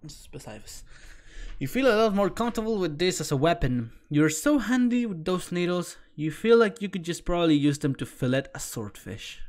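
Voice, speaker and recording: A man's voice: sits high, sing-song, moderate pace, a little mellow. A man streaming as he reads a webcomic aloud in a casual way, tripping over words, restarting, laughing and swearing as he goes.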